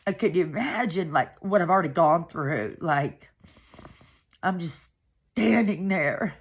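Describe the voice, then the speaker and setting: A woman from Pennsylvania giving a personal testimony, halting and emotional, with many restarts and fillers. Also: fairly low pitch, expressive, slightly rough. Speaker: survivor telling her story.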